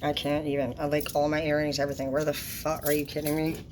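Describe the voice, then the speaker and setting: A woman with a low voice vents in a casual vlog rant. She is blunt, indignant and full of swearing. She sounds upset and fed up, and steady clicking noises run behind her. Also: fast talker, slight background noise, rough recording. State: upset and annoyed.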